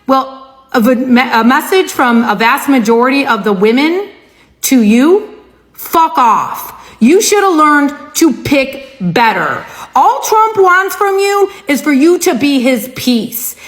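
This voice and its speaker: A woman's voice: high-pitched, expressive, takes it slowly, fairly bright tone. A woman giving sarcastic, scolding commentary in a mocking tone. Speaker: social media commentator.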